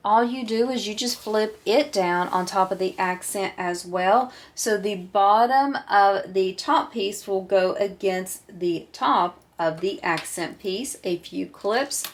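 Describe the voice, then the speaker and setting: A woman teaching a step-by-step sewing tutorial, explaining each step calmly and patiently as she works. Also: mid-range voice, unhurried, few pauses. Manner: calm, patient, walks through each step. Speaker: sewing instructor.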